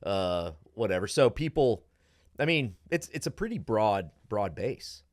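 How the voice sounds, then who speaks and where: A middle-aged man, a travel show host chatting as a podcast guest, animated, acting out the people he quotes. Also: on the low side, unhurried, dry recording, studio quality. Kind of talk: casual podcast chat.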